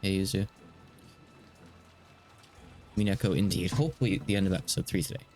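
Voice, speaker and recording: Rambling low-voiced male streamer. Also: very fast, a little mellow. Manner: rambling, chatty, slightly stuttering. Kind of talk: casual let's-play commentary.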